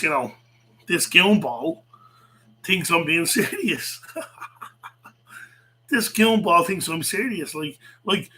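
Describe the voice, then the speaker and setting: A man with a fairly high, sharp voice rants rambling to camera, the audio quality poor. The vlogger curses heavily and keeps using fillers and starting his sentences over.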